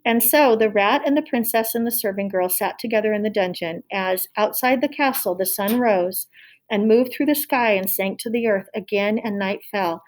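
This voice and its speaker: A woman reading a children's novel aloud expressively, pausing to talk to the listener. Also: medium pitch, low-quality recording. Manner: expressive, addresses listener directly. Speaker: storybook reader.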